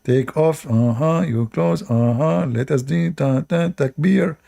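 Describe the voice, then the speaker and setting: A man's voice: a little high, slow pace, vocal fry, warm tone, dry recording, studio quality, exaggerated voice. A man voicing a lustful male bird, coaxing his mate in a sing-song, repetitive way.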